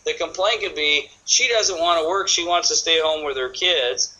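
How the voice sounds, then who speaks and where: Animated man teaching sales technique. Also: on the high side, moderate pace, muffled recording. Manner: energetic, acts out customers' thoughts in quotes. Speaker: sales trainer. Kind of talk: sales training talk.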